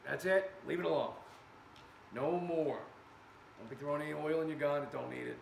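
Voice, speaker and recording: A man's voice: a little high, rapid-fire, creaky. A man testing air guns in his workshop and chatting to viewers with joking asides, recorded by a camera set far away. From America. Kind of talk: casual workshop vlog. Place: indoor workshop. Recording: echoey room, background noise.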